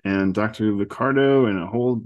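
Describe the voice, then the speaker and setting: A man's voice: fairly low pitch, brisk. A man hosting a podcast, casually recapping a comic book with lots of laughs and fillers. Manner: chatty, laughs often, acts out quotes. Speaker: podcast host.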